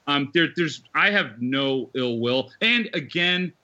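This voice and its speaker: A man's voice: on the high side, animated, slow, pushed and bright, highs cut off. A man guesting on a podcast, a former magazine editor and band manager, telling stories bluntly and emphatically with many restarts. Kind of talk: casual storytelling chat.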